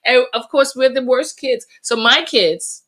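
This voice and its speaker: A middle-aged woman chats as a podcast guest, her voice bright and a little high. She tells family stories with energy and breaks into laughter at the funny parts. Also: a little slow. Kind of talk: casual storytelling chat.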